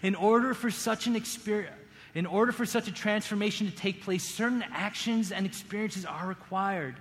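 A man preaching a sermon as pastor, earnest, rising to emphatic peaks and dropping to hushed appeals. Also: high-pitched, normal speed. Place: church sanctuary. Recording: long hall reverb, faint room ambience.

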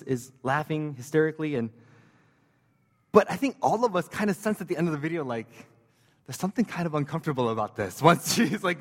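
A man's voice: on the high side, in a large hall. A man preaching a sermon as pastor, conversational and joking, with casual fillers and asides.

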